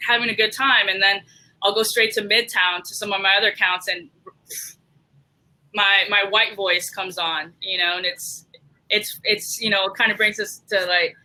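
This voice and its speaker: A panel host moderating a video-call discussion, speaking haltingly with many restarts and laughing along. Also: mid-range voice, fairly even intonation, sharp tone, low-quality recording.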